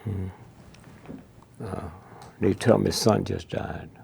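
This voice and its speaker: A man's voice: sits low, flat delivery, slow pace, darkish tone, slight background noise. An older man telling stories in a candid interview, blunt and profane, often tossing in a questioning "huh?". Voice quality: gravelly. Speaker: interview guest.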